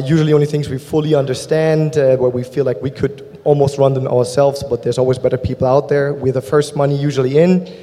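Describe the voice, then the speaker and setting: A man's voice: medium pitch, dark tone. A man with a German accent speaking as an angel investor on a panel discussion, talking steadily with a few fillers. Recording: long hall reverb.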